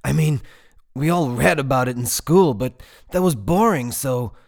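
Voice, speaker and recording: Man playing an excitable awkward young guy, high, loud, blurting, eager then sheepish. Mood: excited. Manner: high, loud and rushed with enthusiasm.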